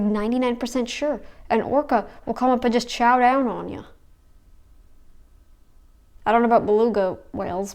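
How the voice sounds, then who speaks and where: A woman's voice: fairly high pitch, a little mellow. A woman giving rambling, sarcastic reaction commentary who talks back to the video she is watching.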